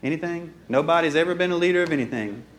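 Speaking quickly in a fairly high voice, a male pastor gives a relaxed, humorous sermon at church, playing out bits of everyday conversation. The sound comes through a handheld or stand microphone.

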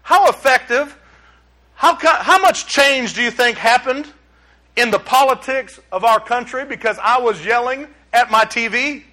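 A middle-aged pastor, preaching a sermon in a folksy, emphatic way that climbs into exclamations. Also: male voice, extremely high pitch, moderate pace, pushed and bright.

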